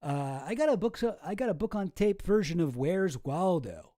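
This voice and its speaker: A man retelling a stand-up bit as a deadpan male comic, sounding mock-enthusiastic before reading out a flat list. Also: sits high, normal speed, dry recording, clean studio sound, pitched above the performer's own voice. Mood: mock-excited.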